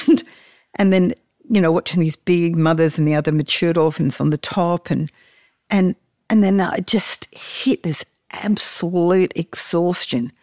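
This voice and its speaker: A woman's voice: fairly low pitch, darkish tone, no room sound, clean studio sound. A woman, casually telling a story about snorkelling and laughing often as she talks.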